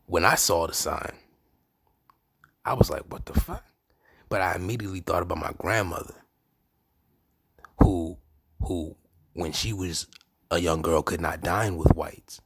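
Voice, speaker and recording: A man hosting his own podcast in a casual, profane monologue, swinging between low murmurs and loud animated bursts. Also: unhurried, gravelly, long pauses, breathy edge. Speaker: podcast host.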